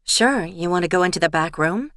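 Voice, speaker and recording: A woman's voice: fairly low pitch, lively intonation, fairly quick, fairly bright tone, dry recording, studio quality. A woman voicing a young female pub owner who speaks directly and a little impatiently.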